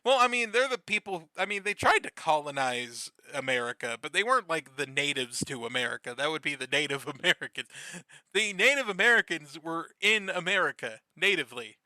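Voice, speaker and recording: Bright-voiced guy recapping a show. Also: fairly high pitch, expressive, dry recording. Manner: laughs often, swears, acts out lines in quick bursts. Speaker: podcast co-host. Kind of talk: casual chat recapping a TV episode.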